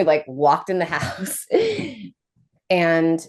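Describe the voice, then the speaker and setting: A woman in her thirties, a podcast guest telling a personal story in a casual, animated way, acting out quoted voices. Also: deep voice, a little slow. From United States.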